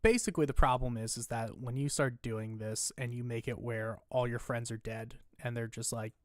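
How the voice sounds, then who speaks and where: A man's voice: medium pitch, normal speed, no echo, clean studio sound. Rambling, self-deprecating young man. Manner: rambling, self-deprecating, gets loud and animated when ranting. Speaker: streamer. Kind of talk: casual chat.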